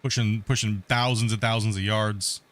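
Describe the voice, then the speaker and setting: A man's voice: on the low side, steady tone, moderate pace, fairly bright tone. A middle-aged man hosting a multiplayer game stream, talking in a laid-back, rambling way with lots of restarts. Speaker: let's play host. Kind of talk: casual gameplay commentary.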